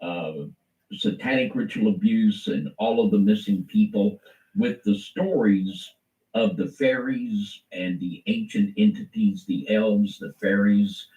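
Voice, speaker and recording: A man giving impassioned religious commentary on a talk show, preacherly, swinging between low murmurs and emphatic stresses. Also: a little slow, warm tone, roomy sound, distant mic, highs cut off. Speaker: co-host.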